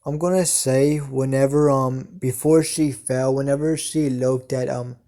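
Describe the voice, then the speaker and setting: Man reading improvised fan fiction, slow, halting delivery with gravelly fry. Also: medium pitch, steady tone, dark tone. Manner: halting, full of hesitations. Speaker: storyteller.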